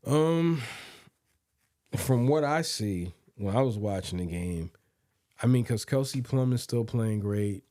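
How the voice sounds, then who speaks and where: A man's voice: medium pitch, expressive, slow pace, mellow, dry recording, studio quality. A man co-hosting a podcast, chatting casually about sports and often repeating words as he thinks aloud. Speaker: podcast co-host.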